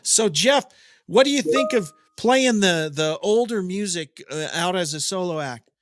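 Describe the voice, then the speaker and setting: A man's voice: high-pitched, animated, measured pace, noisy background, pitched above the performer's own voice. A man impersonating an eager male rock radio interviewer with upbeat, prodding questions.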